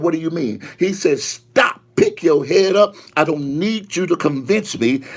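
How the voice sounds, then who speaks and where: A man preaching a live online prophetic sermon, fervent and repetitive, urging listeners to say the words back to him. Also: medium pitch. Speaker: pastor.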